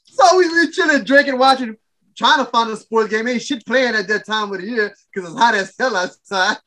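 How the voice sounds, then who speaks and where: A man hosting a casual podcast, telling a rowdy story with loud animated bursts and laughter. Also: very high-pitched, normal speed. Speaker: podcast host.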